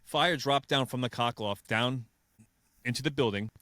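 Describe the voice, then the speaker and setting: A man's voice: medium pitch, fairly bright tone, dry recording. A man, a firefighter and podcast host, talking earnestly about fires in a casual chat. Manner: rapid, earnest, swears when retelling.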